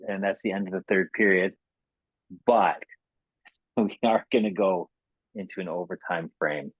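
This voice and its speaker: A Canadian man hosts the chat in a low voice, halting and heartfelt, repeating words as he goes. He comes through a tinny, phone-like remote line that sounds dry and close. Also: slightly rough, no room sound. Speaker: podcast host. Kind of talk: casual interview chat.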